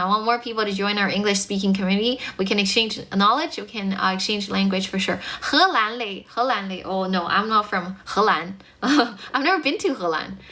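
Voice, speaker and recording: A woman's voice: medium pitch, bright, forceful tone. A woman from China with a mostly American accent, a chatty English speaking teacher who greets viewers and laughs easily on a live stream.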